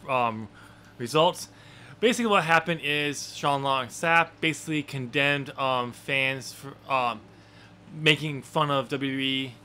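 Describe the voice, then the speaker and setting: A man's voice: mid-range voice, a little slow, sharp tone, slight background noise. A man co-hosting a wrestling podcast, talking casually and rambling with many fillers and restarts. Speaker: podcast co-host.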